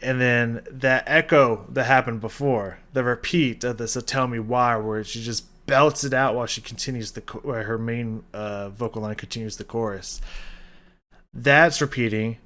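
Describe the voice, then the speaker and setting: A man talks through a song reaction in a loose, casual way. He gets excited, swears freely, and fills his sentences with "like" and "just". His voice sits at an average pitch for a man. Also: moderate pace. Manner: enthusiastic, swears casually, many fillers. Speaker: music reaction youtuber. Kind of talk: casual music reaction commentary.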